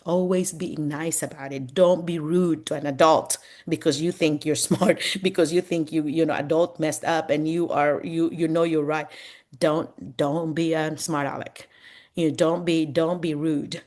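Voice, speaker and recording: A woman's voice: low voice, fairly even intonation, measured pace. A middle-aged woman, a veteran teacher mentoring new teachers over a video call, chatty and laughing often. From Philippines. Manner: chatty and warm, laughs often, acts out what students say. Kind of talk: Zoom mentoring talk.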